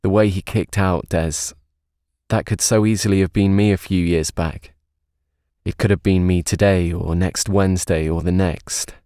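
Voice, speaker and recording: A man voicing a young male thief who speaks quietly and sombrely. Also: deep voice, steady tone, moderate pace, no room sound, studio quality. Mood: grieving.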